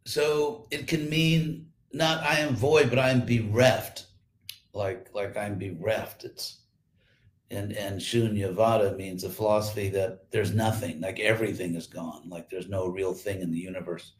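A man teaching Sanskrit scripture in an online class, explaining words slowly and repeating himself as he thinks. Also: lowish voice, roomy sound. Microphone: computer mic.

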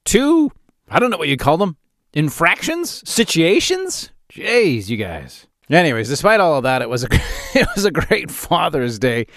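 A man's voice: fairly high pitch, measured pace, dry recording, clean studio sound. A man in his forties hosting a solo podcast, telling funny stories with lots of laughter. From Calgary, Canada. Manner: animated, laughs often at his own stories. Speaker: podcast host. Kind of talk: solo comedic storytelling podcast.

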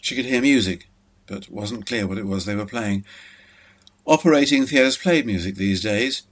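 A man narrating a story in a measured, even manner. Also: fairly low pitch.

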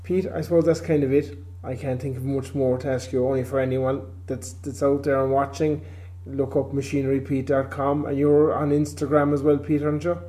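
A man's voice: mid-range voice, flat delivery, brisk, mellow. A man with a Kerry Irish accent, interviewing a guest in easygoing casual chat. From Ireland. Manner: easygoing, lots of agreeing "yeah".

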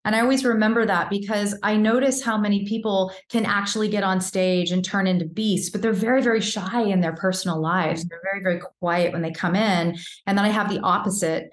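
Woman, 50s, vocal coach guest; candid, animated storyteller, mid pitch, echoey room. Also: a little fast, few pauses. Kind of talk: casual interview talk.

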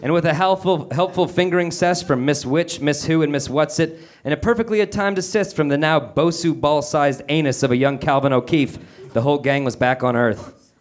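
A man's voice: a little high, normal speed. Straight-faced man reading comic prose. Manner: mock-literary, straight-faced narration. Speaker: comedian reading a story. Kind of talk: deadpan comic reading to a live audience. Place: comedy theater stage.

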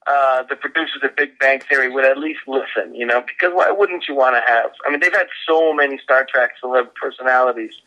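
A man co-hosting a casual podcast chat, talking haltingly with many fillers and restarts. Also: medium pitch, lo-fi sound. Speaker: podcast co-host.

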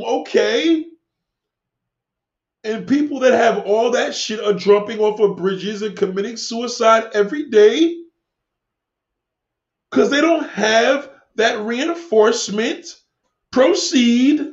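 A man's voice: extremely high pitch, slow pace, pauses often. A man hosting a livestream, talking back to the chat in a combative, preachy way, cursing and repeating himself. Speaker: livestream host answering chat. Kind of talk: live-stream rant. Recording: echoey room, dull lo-fi sound.

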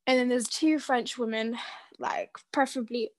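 A young British woman, co-hosting a podcast and telling a story in a chatty, animated way with many fillers. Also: on the high side, normal speed, no room sound. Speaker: podcast co-host. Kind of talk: casual chat.

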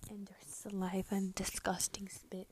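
A woman vlogging her reactions to posts in a casual, profane rant, swinging between loud outbursts and muttered asides, full of "like". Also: medium pitch, completely flat delivery, normal speed, husky. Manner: heavy swearing and filler "like".

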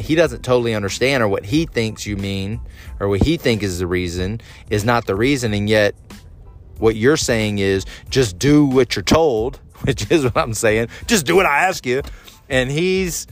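A man in his thirties hosting a solo podcast, talking candidly and critically about himself, and now and then acting out his own angry outbursts. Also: on the low side. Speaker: podcast host.

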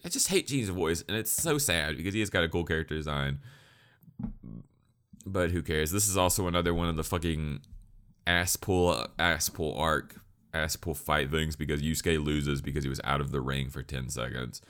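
A man's voice: rumbling low, moderate pace, fairly bright tone. A young man giving a blunt, profane, sarcastic anime review in casual ranting commentary.

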